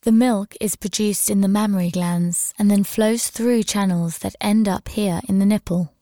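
A woman voicing a commanding, smug male university lecturer in an audio story, speaking calmly and instructively. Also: mid-range voice, normal speed, no echo, clean studio sound, natural voice.

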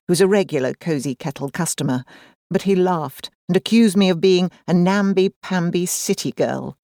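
A woman's voice: sits low, darkish tone, dry recording, studio quality. A woman, reading a first-person audiobook in a wry, self-deprecating, conversational manner. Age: 40s. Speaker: audiobook narrator.

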